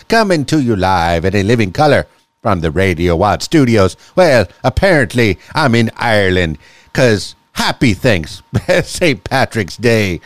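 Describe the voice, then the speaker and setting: A man's voice: on the low side, no room sound. A man hosting a casual solo podcast, upbeat and chatty, laughing often. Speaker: podcast host. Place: small radio studio.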